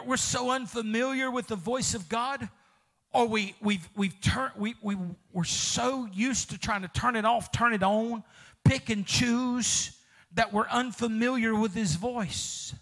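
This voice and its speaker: A man pastor, preaching a fervent sermon, calling out to the congregation, with sudden shouts and soft drops. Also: extremely high pitch, a little slow. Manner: calls out to congregation.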